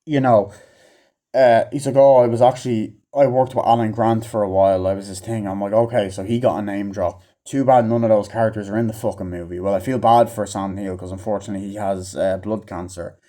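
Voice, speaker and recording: A man's voice: fairly low pitch, fairly even intonation, a little fast, mellow. A man giving a casual, rambling film review, swearing often and acting out lines from the film. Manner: rambling, frequent swearing and fillers; acts out film lines in raised voice. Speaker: movie reviewer. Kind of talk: casual rant.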